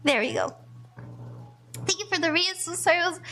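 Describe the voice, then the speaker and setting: A woman's voice: sits high, lively intonation, slow, long pauses, a bit bright, soft background music. A tired woman streamer giving palm readings in casual chat, laughing often. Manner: giggly and sleepy, laughing often. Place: room with echo.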